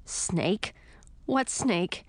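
Storybook frog: sarcastic, grumbling male, low hushed mutter, played by a woman. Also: expressive, measured pace, dry recording. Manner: muttering, often hushed to a whisper.

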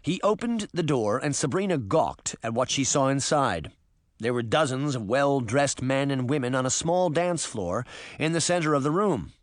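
A man reading a children's adventure novel aloud with expressive, varied narration. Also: medium pitch, no echo, clean studio sound. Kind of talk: audiobook narration.

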